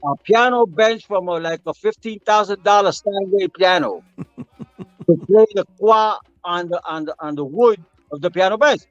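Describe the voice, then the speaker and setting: A man's voice: sits high, moderate pace, no room sound, dull audio, faint music behind. A man being interviewed as a guest musician, telling a story in a casual way and acting out the voices of the people in it. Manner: animated, acts out quotes of others.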